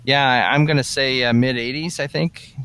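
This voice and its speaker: A man in his forties chatting on a radio roundtable, easygoing and hesitant with many pauses. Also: mid-range voice, fairly even intonation, fairly bright tone, smooth. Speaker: roundtable guest. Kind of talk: casual radio roundtable chat.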